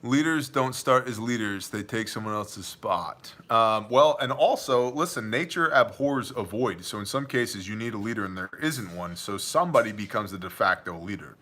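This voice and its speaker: Bright-voiced man hosting a casual live Q&A. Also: lowish voice, lively intonation, moderate pace, hardly any pauses. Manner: joking, chummy, addresses chatters as man and brother. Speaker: livestream host answering viewer questions.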